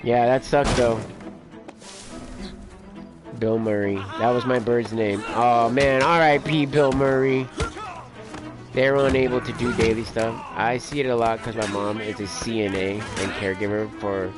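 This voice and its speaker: Ny guy streaming a game, rambling and chatty, says like and dude a lot, soft music behind. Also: medium pitch, fairly even intonation, unhurried. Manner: rambling storyteller, lots of "like" and "dude". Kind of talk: casual let's play commentary.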